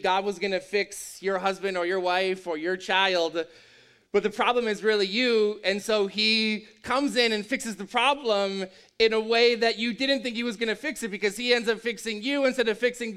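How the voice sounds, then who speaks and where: A man's voice: high voice, a bit bright, clean tone. A man preaching a sermon in a conversational, joking and emphatic way. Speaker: pastor.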